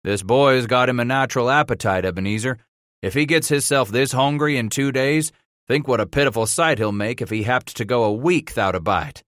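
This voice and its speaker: A man voicing a friendly head oarsman on a river flatboat, speaking folksy with a Kentucky accent. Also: mid-range voice, a little fast, dry recording, studio quality, close to an everyday voice.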